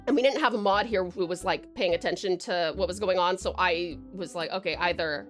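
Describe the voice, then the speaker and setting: A woman livestreaming, chatting casually with her viewers, giggling often and filling pauses with ums. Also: on the low side, soft background music. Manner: giggly, chatty, warm toward chat, many fillers.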